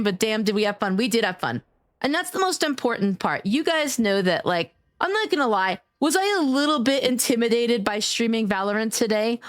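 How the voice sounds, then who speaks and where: Chatty, swearing woman game streamer. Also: a little high. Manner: chatty, animated, swears and laughs often while greeting and thanking viewers. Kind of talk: casual live-stream chat.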